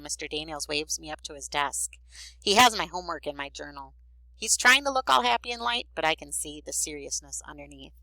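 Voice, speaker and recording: A woman reading a children's storybook aloud in the first person, in an expressive, plain storytelling way. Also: low-pitched, a little fast, gravelly, no room sound, rough recording. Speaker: narrator.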